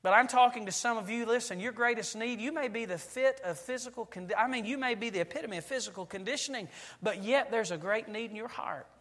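A man in his forties, a pastor preaching a sermon in a church sanctuary and telling family stories with lively, acted-out delivery. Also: very high voice, fast talker, long reverb tail. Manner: animated storytelling preacher, acting out family scenes.

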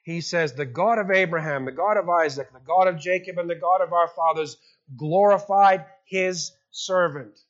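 A man's voice: sits high, moderate pace, dull audio. A male pastor preaching a sermon in an emphatic style, asking rhetorical questions.

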